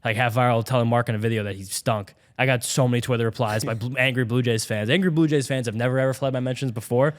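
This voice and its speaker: A young man talks fast and rambles through a casual sports podcast chat. His pitch sits in the middle, and he piles one thought on top of the next. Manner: fast, rambling, animated baseball talk. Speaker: podcast co-host.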